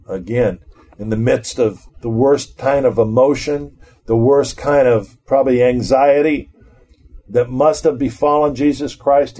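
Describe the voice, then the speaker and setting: A middle-aged man leads a relaxed Bible study. He reads scripture aloud, then breaks off to talk it over with his listeners in an easy, chatty way. His voice sits at an ordinary middle pitch. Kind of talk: informal Bible teaching.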